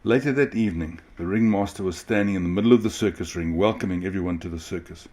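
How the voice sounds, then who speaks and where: A man reading a children's story aloud in a gentle, expressive way. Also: low voice, fast, hardly any pauses. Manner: gentle, expressive, occasional restarts.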